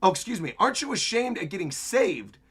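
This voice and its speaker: A man reading aloud as a battered old pirate who lectures a younger fighter in a gruff, drawn-out way. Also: high voice, big pitch swings, a bit bright, full character voice. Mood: stern.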